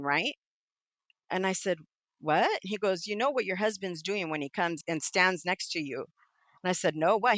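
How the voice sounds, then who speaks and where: A middle-aged woman guest telling her own story candidly, animated and acting out the voices of people she quotes. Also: mid-range voice, no echo. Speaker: podcast guest.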